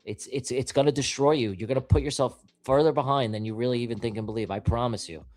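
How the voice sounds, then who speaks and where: A man's voice: mid-range voice, steady tone, fast talker, a little mellow, soft background music. Blunt, cursing male trading host. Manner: emphatic, blunt, profane advice. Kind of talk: casual live-stream chat.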